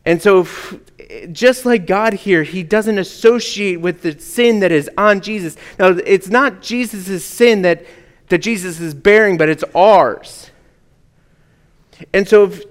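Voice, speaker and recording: A man preaching a sermon in an earnest manner, often dropping to a hush on key words. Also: high-pitched, takes it slowly. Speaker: pastor. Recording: long hall reverb.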